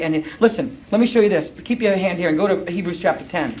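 A man, a pastor, giving sermon-style Bible teaching to a class. He is emphatic and animated, fires off rhetorical questions and acts out other people's voices. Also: high voice, fast talker, hardly any pauses, slight background noise. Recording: dull lo-fi recording.

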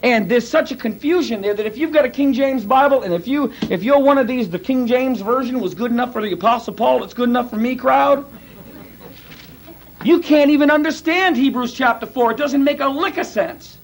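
A male pastor preaching a sermon in an animated, conversational way, acting out quotes as he goes. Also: extremely high pitch, fairly quick, a little hiss or hum, poor audio.

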